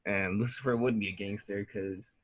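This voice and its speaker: Husky, laid-back Southern Californian man. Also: fairly low pitch, steady tone, normal speed. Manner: laid-back, slangy, swears casually. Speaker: podcast guest. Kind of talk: casual conversation.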